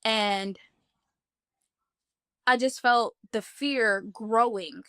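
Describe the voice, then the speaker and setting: A woman with a highish, slightly bright voice tells an emotional personal testimony as a guest, speaking very slowly with fairly even intonation. She recounts her experience earnestly and in vivid first-person detail, talking casually and saying "like" a lot. The studio-quality sound is clean, with no echo.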